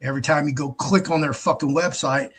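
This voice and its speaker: A man's voice: on the high side, a little fast, fairly bright tone, husky. A man hosting his own show in a casual, rambling monologue, blunt and heavy on profanity. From United States. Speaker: host.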